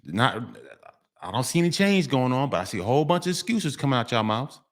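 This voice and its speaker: A man's voice: mid-range voice, big pitch swings, fairly quick. A middle-aged man, delivering a street monologue vlog, preachy and repetitive, often breaking into sing-song refrains. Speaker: vlogger.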